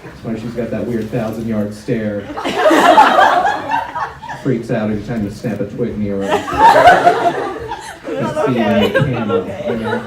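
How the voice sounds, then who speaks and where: A man's voice: fairly low pitch, flat delivery, normal speed, pauses often, a loud crowd. A young man doing a self-deprecating stand-up set, bantering awkwardly with a college audience. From United States. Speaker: stand-up comedian. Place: college auditorium before a live audience. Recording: far, echoey hall with loud noise.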